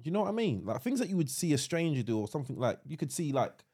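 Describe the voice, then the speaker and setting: A man co-hosting a podcast in casual chat, talking in loud bursts with lots of laughing and repeated words. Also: on the high side, very animated, fast talker, husky. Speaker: podcast co-host.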